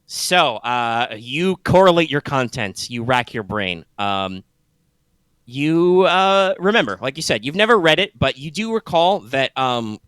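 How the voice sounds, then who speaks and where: A man running a tabletop game as game master, narrating in a measured, deliberate way. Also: medium pitch, big pitch swings, fairly bright tone, clean tone, dry recording.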